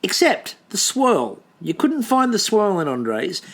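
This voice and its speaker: A man's voice: high-pitched, wildly swooping pitch, takes it slowly, slight background noise. An Australian man co-hosting a casual podcast, joking and laughing often as he chats. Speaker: podcast co-host. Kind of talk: casual chat.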